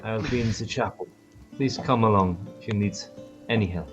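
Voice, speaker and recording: A man's voice: on the low side, normal speed, faint music behind, natural voice. A man voicing a grateful, gracious male town priest who speaks formally and courteously.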